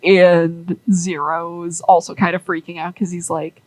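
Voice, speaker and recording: A woman's voice: on the low side, little pitch movement, measured pace, a little mellow, dry recording, low-quality recording. A young woman rambling through a casual story with many fillers and an amused tone.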